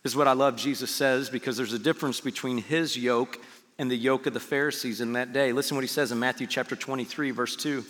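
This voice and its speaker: Pastor preaching in a reverberant hall. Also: male voice, medium pitch, steady tone, fast. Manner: preaching with dramatic quoted asides, dropping to soft hushed tones. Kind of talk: sermon. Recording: reverberant hall with faint music.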